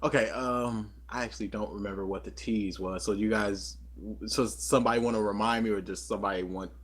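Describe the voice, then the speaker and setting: A man's voice: on the low side, fairly even intonation, a little fast. A man co-hosting a podcast, chatting casually and telling a rambling story full of fillers and self-corrections. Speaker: podcast co-host.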